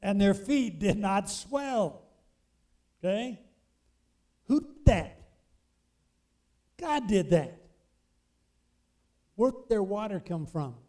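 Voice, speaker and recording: Male preacher, high-pitched, emphatic sermon delivery with call-and-response questions. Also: animated, takes it slowly, pauses often, dark tone.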